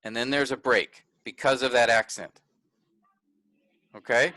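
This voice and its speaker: A man's voice: mid-range voice, fairly even intonation, a little slow, bright, forceful tone, no echo. A man teaching a workshop over a video call, patiently explaining and often stopping to check that his listeners follow. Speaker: Bible teacher. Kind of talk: online workshop lecture.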